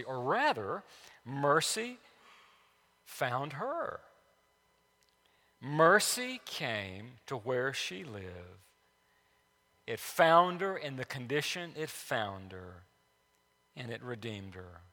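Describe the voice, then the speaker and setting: A male pastor preaching a sermon in a church, emphatic, repeating key phrases and swinging between loud declarations and hushed asides. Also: medium pitch, sing-song, extremely slow, pauses often, long reverb tail. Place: church sanctuary.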